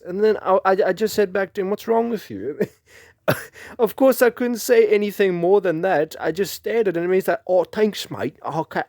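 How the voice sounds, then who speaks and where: A young man from Africa, telling a rambling, animated story and laughing often. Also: medium pitch, no echo, clean studio sound. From South Africa. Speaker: vlogger. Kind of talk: casual storytelling.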